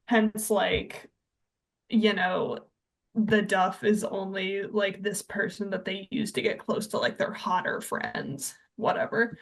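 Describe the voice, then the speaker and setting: A woman's voice: mid-range voice, flat delivery, takes it slowly, vocal fry. A young adult woman co-hosting a podcast, retelling a film in a chatty way, full of "like" and acted-out quotes. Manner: chatty storyteller, many "like"s, acts out quotes. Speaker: podcast co-host. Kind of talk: casual chat.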